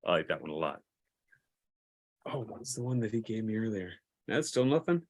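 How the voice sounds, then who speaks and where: Low-voiced laid-back male cohost. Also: big pitch swings, moderate pace, a little mellow. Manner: laid-back, hesitant, laughs often. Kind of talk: casual live-stream chat.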